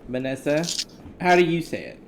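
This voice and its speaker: Man, mid pitch, easygoing game master, noisy clicky recording. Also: normal speed. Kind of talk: casual chat at a tabletop game.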